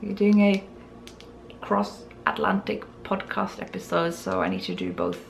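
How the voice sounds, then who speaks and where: Lady guest on a podcast, bit of vocal fry, laughs at herself, trips on english words. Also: medium pitch, very animated, measured pace, faint music behind. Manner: giggly, self-deprecating, stumbles over English words. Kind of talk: casual chat, showing a yarn haul.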